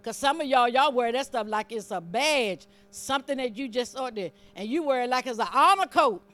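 High-pitched woman preacher, fervent sermon, chatty teasing asides, keeps pushing the emphasis up. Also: lively intonation, normal speed, a bit bright.

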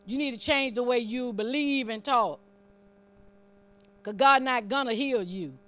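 A woman with a high voice delivers a sermon. She preaches in a fervent, conversational way, teasing the congregation between lines and building up her emphasis as she reads scripture. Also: unhurried, a bit bright.

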